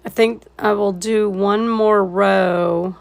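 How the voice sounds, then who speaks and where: A woman's voice: mid-range voice, fairly even intonation, slow pace. A woman leading a live painting tutorial, laid-back and thinking aloud as she works. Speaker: painting instructor.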